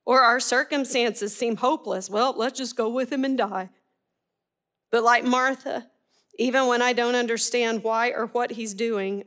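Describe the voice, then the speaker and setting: A woman giving animated Bible teaching, laughing at herself as her voice rises with excitement. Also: fairly high pitch.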